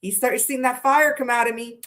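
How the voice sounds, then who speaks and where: Middle-aged woman, tarot streamer, slightly high voice, chatty and blunt. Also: normal speed, sharp tone. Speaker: tarot reader. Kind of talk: casual live-stream tarot reading.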